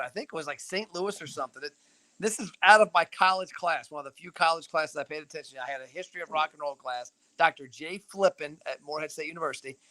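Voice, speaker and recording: A young man hosts a casual live-stream chat from a back-porch hammock, teasing and playful. His voice sits on the high side, pushed and bright, and he's recorded on a phone camera.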